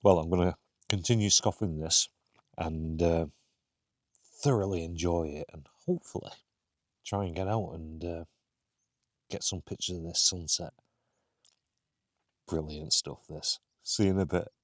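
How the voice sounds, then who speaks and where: A chatty man speaks to his camera at a hillside camp and later from inside his tent. His voice sits very low, and he rambles along easily with plenty of "uh"s. The sound is close and dry. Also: steady tone, unhurried, long pauses, no room sound. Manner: chatty, rambling, with many fillers. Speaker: wild camping vlogger. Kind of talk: casual talk to camera.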